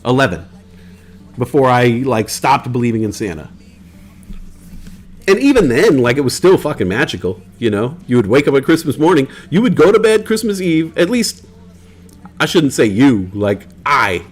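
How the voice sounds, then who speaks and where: A man's voice: medium pitch, sing-song, normal speed. Rambling, swearing stream host man. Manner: rambling, loose, swears freely. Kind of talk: casual live stream chat.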